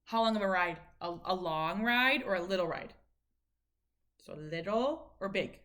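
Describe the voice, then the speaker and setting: A woman talking with her son, soft and encouraging, breaking into playful high exclamations now and then. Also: expressive, a little slow. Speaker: mother of the child in the video. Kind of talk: gentle coaxing talk to her son, and a casual talk to camera.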